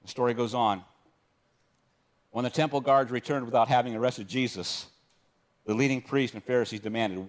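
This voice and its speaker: A man's voice: mid-range voice, fairly quick. A man preaching a sermon in an easygoing, conversational way, often restarting phrases and reading scripture passages aloud. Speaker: pastor.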